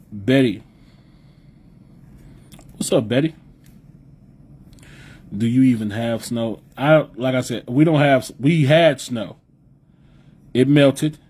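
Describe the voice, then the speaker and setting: Reading live chat on his podcast, a young Midwestern guy chats with viewers, swearing freely and circling back over the same points. His voice sits at a medium pitch, slightly mellow and husky.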